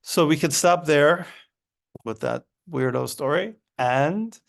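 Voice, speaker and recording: A man's voice: on the high side, slow pace, gravelly. A man leading an informal text study class, speaking conversationally with wry asides and thinking aloud as he goes. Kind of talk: informal lesson.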